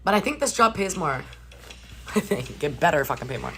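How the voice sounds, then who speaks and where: Young woman, bright voice, chatty and loose, swears a lot, soft music behind; casual vlog chat. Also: low voice, moderate pace, poor audio. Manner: chatty and animated, swears often, reads out chat questions. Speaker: vlogger chatting with livestream viewers. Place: hotel room.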